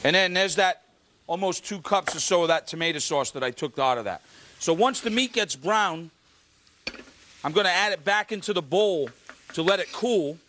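High-voiced joking TV chef. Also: male voice, normal speed, bright, forceful tone, slight background noise. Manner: chatty, joking asides to the studio audience. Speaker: TV cooking show host. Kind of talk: live studio cooking demonstration. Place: TV studio kitchen with live audience.

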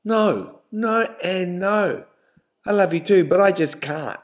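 A jittery young girlfriend says no again and again in a raised, fretful voice, as a male joke-teller puts her on. She is slow and emphatic. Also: sits high, pitched above the performer's own voice. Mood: refusing. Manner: anxious, refusing. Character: nervous young woman refusing her boyfriend.

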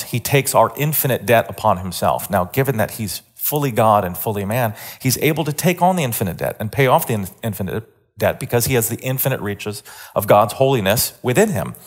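A man giving a sermon-style lecture, earnest, often repeating words and pushing his voice up and louder to stress a point. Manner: earnest, builds emphasis with rising pitch and volume.

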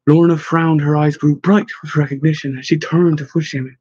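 A man narrating an audiobook in a measured, gentle way. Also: on the high side, steady tone, husky, no room sound. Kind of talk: scripted narration. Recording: slightly dull, dry recording.

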